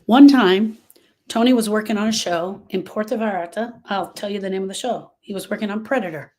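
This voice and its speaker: A grief coach in her sixties teaches a group, telling stories in a lively, conversational manner. Her voice is mid-range and her pace brisk.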